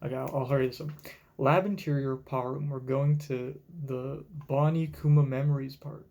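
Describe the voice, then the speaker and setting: A man giving live reaction commentary on a manga chapter from a home streaming setup, talking in an excitable, casual way and swearing freely. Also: medium pitch, normal speed, creaky.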